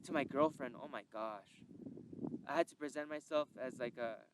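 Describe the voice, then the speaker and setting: A young man with a mid-range voice, apparently a podcast host, shares a candid and emotional personal story at a moderate pace. He rambles and swears as he reflects in this testimony-style monologue, with background noise behind him.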